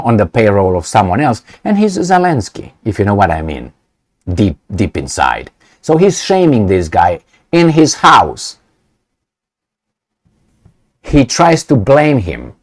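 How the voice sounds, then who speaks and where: A man's voice: lowish voice, sing-song, unhurried. A man giving blunt, sarcastic political commentary in a casual way, with many fillers.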